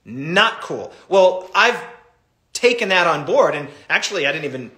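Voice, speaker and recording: A middle-aged man, a pastor, teaching a Bible study in an animated, impassioned way. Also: fairly high pitch, moderate pace, echoey room.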